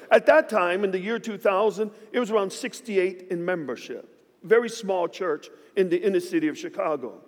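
A man in his fifties, a guest pastor, preaching a sermon in a church with lively, joking storytelling. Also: high voice, moderate pace, in a large hall. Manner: animated storytelling with joking asides. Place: church sanctuary.

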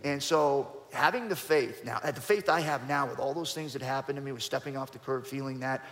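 A man in his fifties, a former fighter guest in an interview, telling a story in a lively way, often restarting his sentences and rising in pitch and loudness when he gets excited. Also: brisk. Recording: long hall reverb.

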